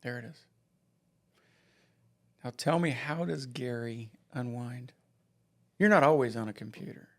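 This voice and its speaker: A man's voice: mid-range voice, measured pace, pauses often, a bit bright. Affirming male podcast host. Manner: affirming, chuckling interviewer. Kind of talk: conversational podcast interview.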